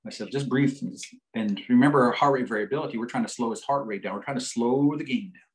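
A male psychologist giving a lecture. He tells a story in a joking, animated way. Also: medium pitch, fast, rough recording.

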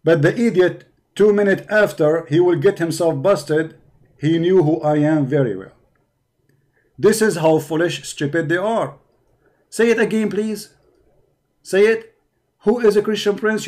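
High-pitched man, mocking reaction commentary. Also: unhurried, pauses often, a little mellow. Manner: mocking, sarcastic. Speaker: host. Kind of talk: reaction commentary on a debate clip.

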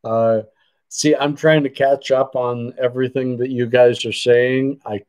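This is a Canadian livestreamer at a computer desk, rambling casually with his audience and reading their comments before trailing off partway through sentences. He talks unhurriedly in a medium, slightly mellow voice with a flat delivery, over a rough recording.

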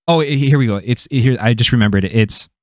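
Rambling young podcast host, dry sound. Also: male voice, mid-range voice, a little fast, a little mellow, no echo. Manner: thinking aloud, loose and rambling. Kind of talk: casual podcast chat.

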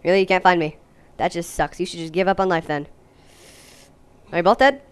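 A young woman giving goofy, jokey gameplay commentary, now and then breaking into silly high-pitched voices. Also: steady tone, quick pace, clear, resonant tone. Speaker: let's play host.

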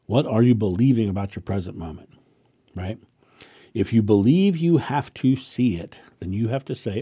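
A man who is a spiritual teacher, calmly answering a viewer's question in a casual monologue and repeating affirmations as he explains. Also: lowish voice, moderate pace, slightly rough.

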